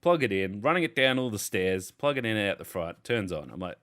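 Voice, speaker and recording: A man's voice: lowish voice, animated, quick pace, few pauses, a bit bright. A man, the host of a casual podcast, telling a story with lots of swearing and acted-out exasperation.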